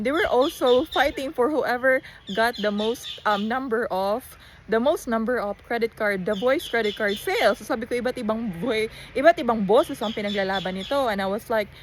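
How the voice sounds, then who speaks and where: A woman's voice: on the high side, normal speed, a bit bright, slight background noise. A woman with a Filipino accent, just woken up, talking in a casual rambling monologue full of restarts, fillers and switches into Tagalog phrases. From Philippines.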